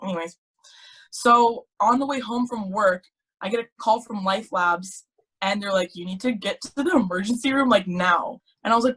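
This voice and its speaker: A teenage girl in casual chat, telling her story in an animated way with lots of filler words. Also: medium pitch, normal speed. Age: teens. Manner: chatty, animated storytelling with many "like"s. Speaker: guest.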